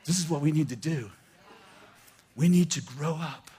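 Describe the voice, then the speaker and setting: An older man preaching a sermon, animated and laughing often as he quotes scripture. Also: fairly high pitch, normal speed, slightly rough. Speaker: pastor.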